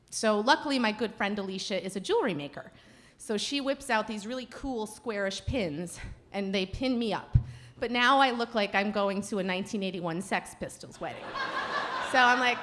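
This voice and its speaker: A woman telling a self-deprecating personal story on stage at a live storytelling event, animated and self-mocking. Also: medium pitch.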